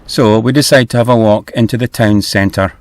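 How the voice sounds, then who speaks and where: A man's voice: fairly low pitch, steady tone, moderate pace. A middle-aged man hosting a travel vlog, easygoing and a little hesitant, over faint music. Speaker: vlog host.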